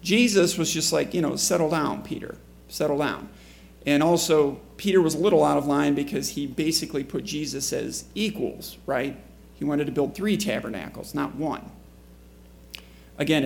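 Gravelly-voiced man preaching conversationally. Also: mid-range voice, darkish tone, slight background noise. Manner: conversational, asks the congregation questions. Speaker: pastor. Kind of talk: sermon. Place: church before a congregation.

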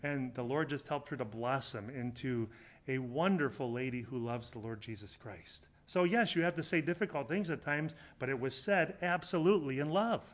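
A man preaching a sermon in an earnest, conversational way, swinging between loud emphatic lines and quiet, low asides. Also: normal speed. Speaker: pastor.

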